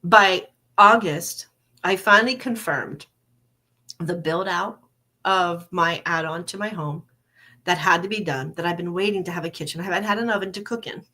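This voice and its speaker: A woman's voice: medium pitch, sharp tone. An older woman hosting her podcast in a candid, casual monologue, laughing now and then and swearing a little. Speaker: podcast host.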